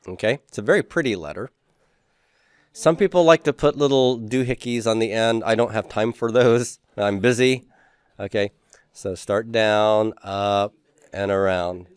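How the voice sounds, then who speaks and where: This man teaching Hebrew stretches out the sounds of letters and adds jokes during his lecture. The recording is clean studio sound with no room noise, and his mid-range voice is smooth.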